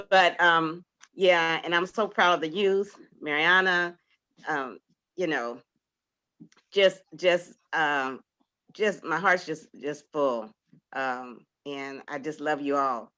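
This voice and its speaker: Slow, bright-voiced woman in her sixties. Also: deep voice, lo-fi sound. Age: 60s. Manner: emotional, laughing often, trailing off. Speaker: poet, community member. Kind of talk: heartfelt spoken tribute.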